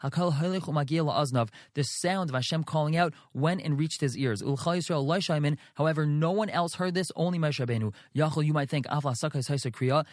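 A man's voice: fairly high pitch, fairly quick, hardly any pauses, no room sound, clean studio sound. A man teaching a Chumash and Rashi class, reading each Hebrew phrase and then explaining it in plain English. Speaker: Torah teacher.

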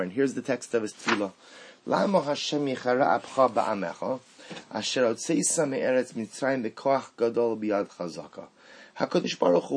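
Man, Torah lesson, husky, animated, rhetorical questions. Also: medium pitch, rough recording. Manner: animated, rhetorical questions, Hebrew quotes woven in. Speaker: rabbi teaching Torah. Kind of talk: Torah class on the weekly portion.

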